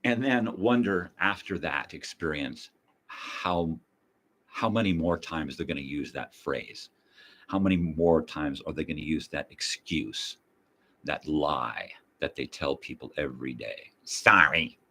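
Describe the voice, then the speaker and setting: A man's voice: rumbling low, a little slow, slight background noise. An older man hosting his own show, ranting bluntly with heavy profanity and mocking repetition. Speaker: host. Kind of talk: ranting monologue.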